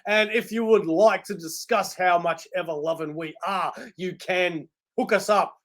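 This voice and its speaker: An Australian man hosts a casual podcast with a noticeably high voice. He makes playful, showman-like introductions and jokes with his co-hosts. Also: steady tone, unhurried, a bit bright. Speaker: podcast host.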